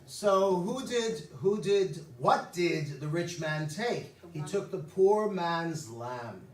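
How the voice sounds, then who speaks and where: Male rabbi teaching a Bible class, joking storyteller; slightly high voice, roomy and distant mic. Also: animated, takes it slowly. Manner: wisecracking storyteller, chatty asides. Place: temple room.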